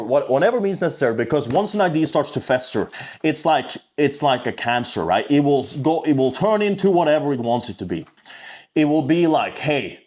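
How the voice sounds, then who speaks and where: A man's voice: on the high side, darkish tone. A man talking off the cuff in a motivational monologue, blunt and emphatic, swearing and often checking in with "right?". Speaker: self-improvement video host.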